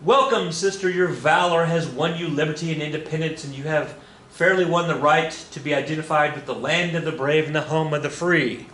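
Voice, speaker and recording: A man's voice: on the high side, brisk, fairly bright tone, slight background noise, voice pushed up, close to an everyday voice. Man reading as a formal proud president, slightly raised voice, ceremonial, roomy sound.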